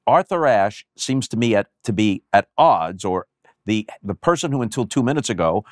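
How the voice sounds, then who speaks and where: A man's voice: on the low side, expressive, normal speed, no echo, studio quality. Articulate older male storyteller. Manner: articulate, careful storyteller with many disclaimers. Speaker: guest, sportscaster. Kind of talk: casual chat, storytelling.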